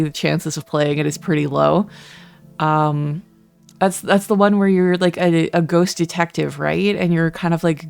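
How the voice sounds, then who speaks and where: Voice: medium pitch, creaky, clean tone. A streamer with a Canadian accent who chats casually while playing a game, swearing and joking. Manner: chatty, self-mocking, swears. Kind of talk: let's-play commentary and reading. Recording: soft music behind.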